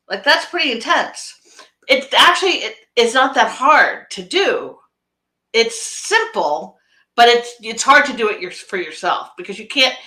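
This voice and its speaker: A woman's voice: medium pitch, pushed and bright. A woman business coach talking casually on a live stream, rambling and emphatic, often restarting her sentences. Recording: echoey room.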